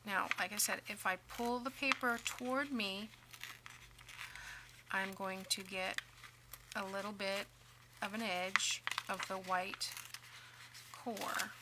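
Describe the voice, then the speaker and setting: A woman hosting a casual crafting tutorial, chatting and joking at herself, dropping to soft mutters while she works. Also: medium pitch, fairly even intonation, takes it slowly, pauses often, heavy background noise. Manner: chatty, self-deprecating, mutters softly while working.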